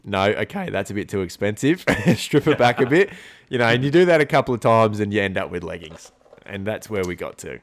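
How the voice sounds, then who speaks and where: An Australian man co-hosting a podcast, telling animated stories in casual chat, swearing freely and laughing often. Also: fairly low pitch, a little fast. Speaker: podcast co-host.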